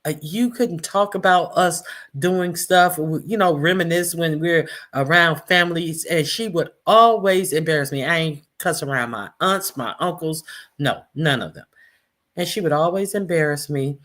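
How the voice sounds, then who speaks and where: A woman's voice: on the low side, normal speed, a bit bright. A woman hosting a casual chat, telling stories with frequent laughter and cheerful profanity. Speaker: host.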